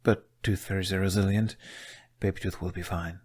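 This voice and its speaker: A man's voice: sits low, fairly even intonation, moderate pace, a little mellow, husky. Man doing a wry young winter spirit. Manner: wry, shrugging.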